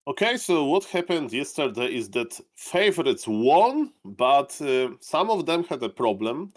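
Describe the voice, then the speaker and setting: A man co-casting a live esports stream, recapping matches in an animated, enthusiastic way. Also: mid-range voice, a little slow. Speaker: esports caster.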